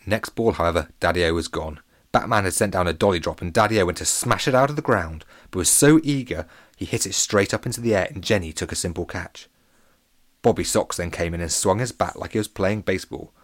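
Guy reading a kids story out loud, playful and funny, lowish voice. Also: brisk, no room sound, clean studio sound. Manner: playful, animated, comic. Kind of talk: children's story narration.

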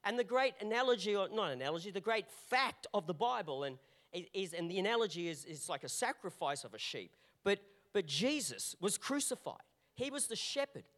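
A male pastor delivering a sermon in an animated, repetitive preaching manner, often restarting his phrases. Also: high-pitched, a little fast.

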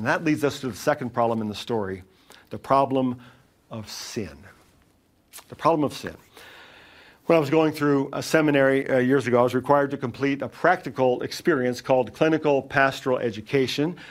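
A middle-aged man preaching a sermon in an earnest way, with dramatic pauses and shifts between loud and quiet. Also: medium pitch. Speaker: pastor.

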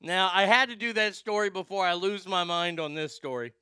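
Bright, crisp-voiced male prank caller. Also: high-pitched, brisk, dry recording, studio quality. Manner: jokey, giggly, stammering restarts. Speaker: show host making prank calls. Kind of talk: casual talk with prank call.

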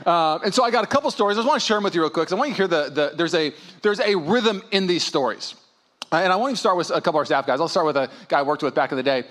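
A man preaching a sermon as pastor, humorous and energetic, telling stories and quoting people in acted voices. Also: on the high side, racing. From California. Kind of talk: sermon with storytelling. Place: church sanctuary with congregation.

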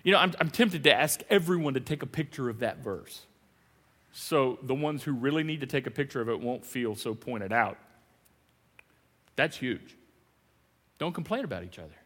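A man preaching a sermon as pastor, animated and playful, swinging between loud emphasis and hushed lines. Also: high voice, in a large hall. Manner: playful, jokey asides.

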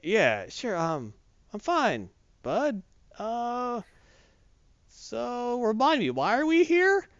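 A man's voice: very high voice, huge pitch swings, extremely slow, pauses often, clear, resonant tone, no echo, highs cut off, pitched above the performer's own voice, exaggerated voice. A man voicing a confused young male superhero, stammering in bewilderment. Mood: bewildered.

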